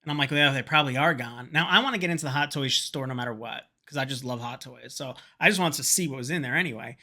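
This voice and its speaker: A man's voice: mid-range voice, quick pace, sharp tone. A man vlogging, telling a rambling, profane story in a casual chat to camera and slipping into quoted voices.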